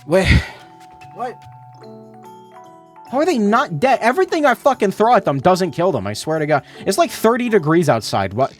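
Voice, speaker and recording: Excitable male streamer, animated pitch. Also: normal speed, long pauses, soft background music. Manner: excitable, swearing. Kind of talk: casual gameplay commentary.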